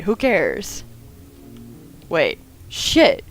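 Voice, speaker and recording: Woman gamer who swears a lot as she plays, reads the game text fast and flat, voice sits mid-range. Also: medium pitch, soft background music. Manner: profane, frequent swearing outbursts; reads narration quickly and flatly. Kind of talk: let's play commentary, reading game text aloud.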